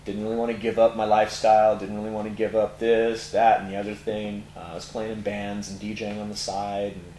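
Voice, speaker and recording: A man's voice: on the low side, flat delivery, a little fast, few pauses, mellow. A middle-aged Californian man, a tattoo parlor owner, candidly telling his life story in an interview with many fillers. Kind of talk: personal testimony in conversation. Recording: echoey room, faint noise.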